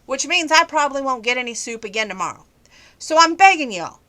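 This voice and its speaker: A woman talks straight to her camera in a loose, chatty vlog. Her voice sits a little high and rings bright and clear. She tells her stories with an animated, sarcastic bite. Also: fast talker. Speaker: vlogger. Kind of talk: casual storytelling to camera.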